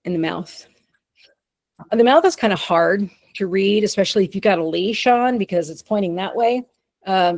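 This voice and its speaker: A woman presenting a webinar on dog behavior talks in a loose, chatty manner with plenty of fillers and easy laughs. Her voice has a gravelly, creaky texture at a middle pitch. The sound is dry with no room echo. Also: darkish tone. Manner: chatty, informal, laughs often, many fillers.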